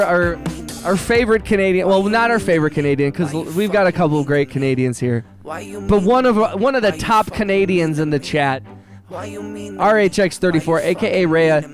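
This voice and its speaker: A high-voiced man chats casually to his livestream viewers, upbeat and rambling, tossing out quick shout-outs and restarting his sentences as he goes. His own beat plays clearly underneath him the whole time. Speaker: livestream host and music producer. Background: his own beat playing.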